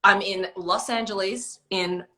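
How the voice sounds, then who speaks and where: Bright, chatty woman on a video call. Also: medium pitch, fairly even intonation, unhurried. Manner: chatty, laughs often. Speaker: interview guest, performing artist. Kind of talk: casual chat.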